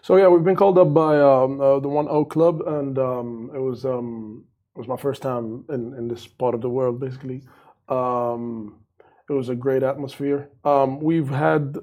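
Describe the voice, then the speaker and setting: A man, a guest answering interview questions in a relaxed way, with plenty of hesitant fillers. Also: mid-range voice, normal speed, narrow, tinny audio. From Morocco. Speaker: guest musician.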